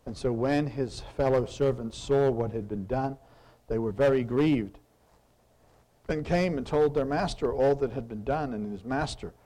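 A man delivers a sermon in an easy, conversational way, reading passages aloud and turning to his listeners with questions. His voice is mellow and warm, at an ordinary pitch. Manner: conversational, asks the audience questions. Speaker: preacher.

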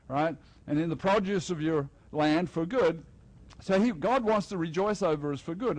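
Older guy preaching, jokey and chatty, fairly high voice, dry close sound. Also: darkish tone, no room sound, poor audio. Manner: joking, conversational, acts out little dialogues. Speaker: pastor. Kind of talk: festival sermon. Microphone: headset mic.

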